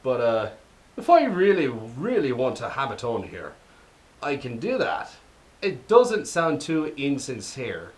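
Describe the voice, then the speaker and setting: A young American man co-hosting a podcast in casual chat, rambling and jokey, often trailing off quietly. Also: medium pitch, huge pitch swings, a little slow. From United States. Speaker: podcast co-host.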